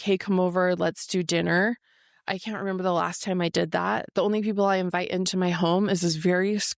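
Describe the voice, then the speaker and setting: Her lowish voice carries vocal fry as this woman in her forties, hosting her own podcast, delivers a candid solo monologue from an office. She is frank and confessional and swears freely; the recording is dry and studio quality.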